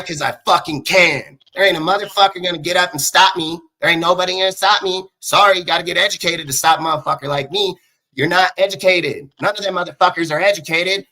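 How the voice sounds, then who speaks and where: A man in his thirties hosting a show, ranting angrily and profanely at his critics. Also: high voice. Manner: profane, combative, shouting at critics. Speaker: show host. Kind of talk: angry ranting monologue.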